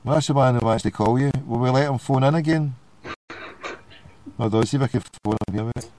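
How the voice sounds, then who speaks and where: A man's voice: medium pitch, brisk, a crowd in the background. A man, hosting a late-night call-in show, joking and swearing through loose banter. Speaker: host.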